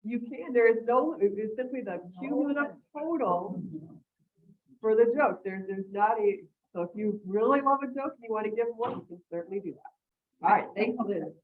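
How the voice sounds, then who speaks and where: A woman's voice: a little high, normal speed, narrow, tinny audio. A woman club president hosting a meeting on a video call, upbeat and explanatory with fillers. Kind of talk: meeting announcements.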